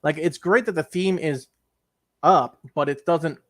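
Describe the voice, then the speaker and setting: Ranting young man, slightly high voice. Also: measured pace. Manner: exasperated ranting, swearing, acting out phone calls. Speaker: podcast co-host. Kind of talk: casual chat.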